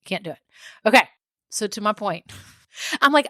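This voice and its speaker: A woman's voice: mid-range voice, expressive, normal speed, sharp tone, no room sound, studio quality. A woman, hosting a casual solo business podcast, chatty and laughing often as she goes on tangents. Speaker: podcast host and business coach.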